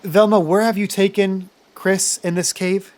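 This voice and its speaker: A man running a tabletop role-playing game, laying out scenes and calling rulings in an easygoing tone. His voice sits a little high for a man. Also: flat delivery, measured pace, a little mellow. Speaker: game master.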